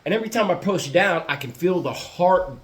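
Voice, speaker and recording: Male podcast host, fairly high voice, casual and profane, an animated storyteller who laughs often. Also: brisk.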